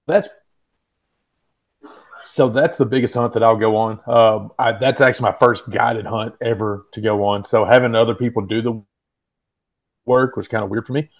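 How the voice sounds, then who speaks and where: A man's voice: lowish voice, fairly even intonation, moderate pace, pauses often. Easygoing man telling stories. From Arkansas, US. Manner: easygoing storyteller, folksy. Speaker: guest, rack company owner. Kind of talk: casual podcast chat.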